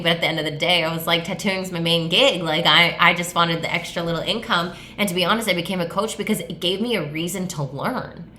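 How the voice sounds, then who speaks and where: A woman hosting a solo podcast, rambling and effusive, with "like" peppered through every sentence and the odd casual curse. Her voice is bright and forceful, pitched a little low. The room around her rings with echo. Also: brisk, hardly any pauses. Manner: rambling, effusive, heavy use of filler "like", swears casually. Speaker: podcast host, tattoo artist and coach. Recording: echoey room.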